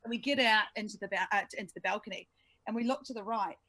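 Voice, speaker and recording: A woman, a sports broadcaster telling a lively story in casual podcast chat and acting out quotes. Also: medium pitch, quick pace, crowd noise. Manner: animated storytelling, acts out quotes.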